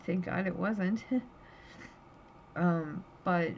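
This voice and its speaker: A tired, drowsy woman with a lowish voice speaks extremely slowly in a candid personal vlog. Her emotional storytelling is raw and rambling. The recording is dull lo-fi audio with faint background hiss.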